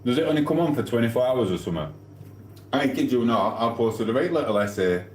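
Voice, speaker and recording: A man's voice: medium pitch, expressive, quick pace, a little mellow, echoey room, slight background noise. A man in a rambling live-stream chat with viewers, talking casually from his kitchen while he cooks and laughing often. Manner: rambling and chatty, laughs often, keeps asking "do you know what I mean". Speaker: livestreamer chatting with viewers. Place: home kitchen while cooking.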